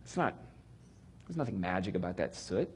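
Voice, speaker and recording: A man's voice: deep voice, sing-song, normal speed, slight background noise. A middle-aged man teaching about reading Scripture in a conversational way, acting out the people he quotes. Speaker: Bible teacher.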